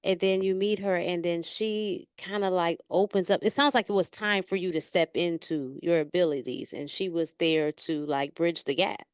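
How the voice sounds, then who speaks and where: A woman hosts a casual interview in a smooth, clear voice. She keeps affirming her guest with enthusiasm. The sound is close and dry. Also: fairly low pitch, moderate pace, few pauses, no room sound. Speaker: interview host.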